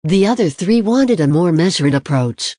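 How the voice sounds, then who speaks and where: An even, unhurried audiobook narrator. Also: medium pitch, no room sound, clean studio sound. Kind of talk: audiobook reading of a martial arts novel.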